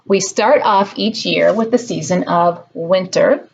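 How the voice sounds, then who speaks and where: Sing-song woman teaching preschoolers, husky. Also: mid-range voice, measured pace, highs cut off. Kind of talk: children's lesson, circle time.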